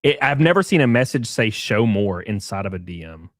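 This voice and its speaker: A man's voice: mid-range voice, very animated, fast, dry recording, studio quality. A man hosting a livestream, reading messages aloud with sarcastic, profane commentary. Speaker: streamer host.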